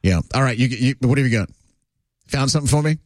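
A man hosting a radio show, chatting casually and joking with quick asides. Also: mid-range voice, dry recording, clean studio sound. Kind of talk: casual on-air banter. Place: radio studio. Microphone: studio microphone.

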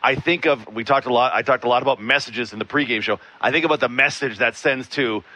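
A man hosting a sports talk show, quick and opinionated in his analysis. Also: medium pitch, pushed and bright.

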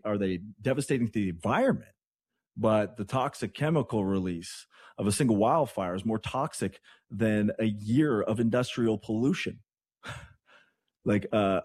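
Husky, chatty radio host from Canada. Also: male voice, medium pitch, no echo, clean studio sound. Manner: chatty, rambling, excitable asides. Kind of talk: morning radio talk.

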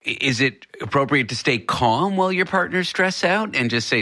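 A man from New York hosting an interview, asking questions in a lively, conversational way with joking asides. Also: mid-range voice, normal speed, no echo, clean studio sound. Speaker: interviewer host.

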